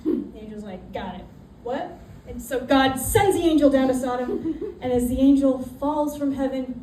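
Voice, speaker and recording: A woman's voice: high-pitched, moderate pace, warm tone. Brash woman doing stand-up, roomy club sound. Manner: brash storytelling, acts out voices. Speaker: stand-up comedian. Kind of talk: stand-up comedy routine. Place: comedy club stage with audience. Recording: roomy, distant, noisy club audio.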